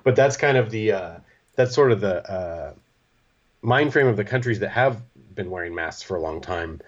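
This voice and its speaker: Male podcast host, low voice, slightly muffled lo-fi sound, rambling and relaxed. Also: normal speed. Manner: laid-back, rambling, frequent fillers and laughs. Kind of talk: casual podcast chat.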